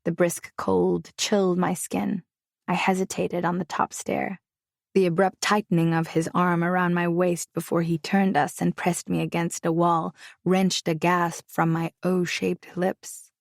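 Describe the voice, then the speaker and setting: A woman's voice: on the low side, little pitch movement, measured pace, creaky, no echo, studio quality. A woman narrating a romance audiobook in the first person, intimate and confessional.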